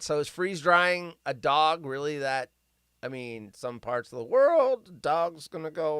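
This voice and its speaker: A man's voice: fairly high pitch, very animated, moderate pace, fairly bright tone, clear, resonant tone, dry recording, clean studio sound. A man hosting a live stream, reading news stories aloud and ranting about them in a rambling, sarcastic way that keeps going off on tangents. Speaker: livestream host.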